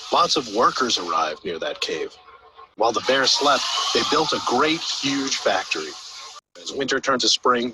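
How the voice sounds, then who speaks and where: A man narrating a children's story in an expressive read-aloud style. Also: mid-range voice, slight background noise, rough recording.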